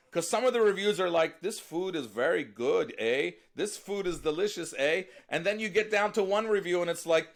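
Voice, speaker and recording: American comedian guy riffing on a podcast, punchy and lively, talks right at his hosts. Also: high-pitched. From United States. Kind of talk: comedic storytelling.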